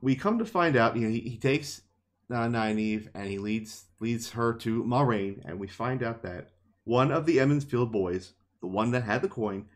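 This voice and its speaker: Man casually recapping a fantasy book. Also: on the low side. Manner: animated retelling with playful quoted voices and laughs. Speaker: podcast co-host. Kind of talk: casual book discussion podcast.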